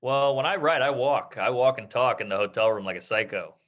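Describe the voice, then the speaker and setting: A man's voice: medium pitch, a little fast, fairly bright tone. A man in his thirties hosting a casual chat over drinks, riffing crude comic banter and laughing along. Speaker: podcast host.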